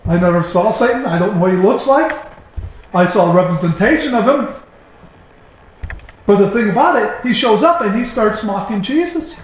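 A male pastor preaching a sermon emphatically, repeating his points and building to loud bursts. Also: high voice, lively intonation, normal speed, long pauses, very echoey, slight background noise, rough recording. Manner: emphatic, repetitive preaching with rising outbursts.

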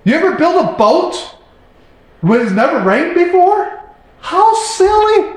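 A male pastor preaching a sermon emphatically, repeating his points and building to loud bursts. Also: very high-pitched, sing-song, unhurried, very echoey, rough recording. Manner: emphatic, repetitive preaching with rising outbursts.

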